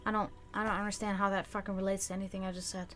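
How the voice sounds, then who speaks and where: A woman's voice: medium pitch, flat delivery, rapid-fire, fairly bright tone, slight background noise. A young woman hosting a livestream, talking casually to her chat and ranting in frustration with frequent swearing. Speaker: livestream host.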